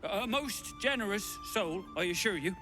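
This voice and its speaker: A man's voice: high voice, expressive, moderate pace, over music. A man voicing a flustered, formal-speaking figure at an inn in a fantasy video game.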